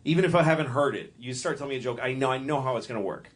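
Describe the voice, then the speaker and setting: A man's voice: mid-range voice, racing. A middle-aged man doing a stand-up routine on a comedy club stage, rambling and stopping to restart his thoughts, breaking into voices for the animals in his jokes. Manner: rambling, self-interrupting, acts out animal voices. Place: comedy club stage before a laughing audience. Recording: live stage recording with crowd noise.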